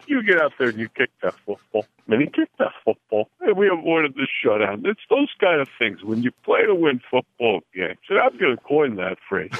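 A man's voice: medium pitch, no echo. A man playing a rambling, self-praising middle-aged male football coach who talks in folksy card-game analogies, heard over a phone line. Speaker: caller doing a comedy impression. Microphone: telephone.

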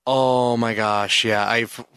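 A man's voice: mid-range voice, steady tone, slow, bright, forceful tone, clear, resonant tone, no room sound. A man, a car dealership guest in casual radio chat, easygoing and self-deprecating.

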